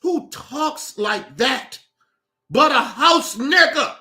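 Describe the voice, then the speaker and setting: A man's voice: very high voice, lively intonation, extremely slow, bright, forceful tone. A man streaming his reaction to a clip, ranting in incredulous, profane commentary.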